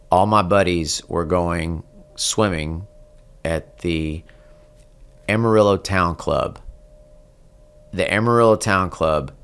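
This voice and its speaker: A man's voice: sits low, creaky, fairly bright tone, smooth. A man, earnestly telling a personal story in an interview. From Texas. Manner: earnest, reflective, slowing down at key moments. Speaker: guest, country singer.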